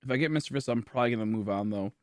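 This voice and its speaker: A young man livestreaming from home, tired and rambling as he chats with his viewers. His pitch sits in a middling range, and he talks out loud as he weighs what to do next, leaning on filler words. The recording is close and dry, with no room sound. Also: rapid-fire, clear, resonant tone, no echo. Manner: rambling, filler-heavy, thinking aloud. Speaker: game streamer. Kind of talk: casual livestream chat to viewers. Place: at home, indoors.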